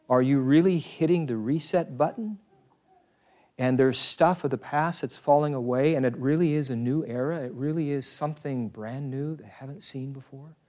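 A man preaching a sermon in an earnest, emphatic way, slowing down on key phrases and turning to the congregation with conversational asides. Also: mid-range voice, a little mellow.

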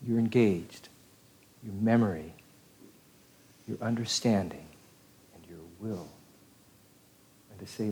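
A man preaching a conversational sermon, asking his listeners questions and swinging from quiet, hushed asides to loud, acted outbursts. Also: lowish voice, slow, long pauses, husky. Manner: conversational, asks the audience questions.

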